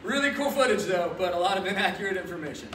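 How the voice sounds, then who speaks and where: A man's voice: high voice, animated, quick pace, sharp tone. A man presenting as a zookeeper, talking upbeat and chatty through a face mask inside a zoo birdhouse. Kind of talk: casual educational live stream. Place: indoor zoo birdhouse with penguins. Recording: echoey room, distant mic, faint noise.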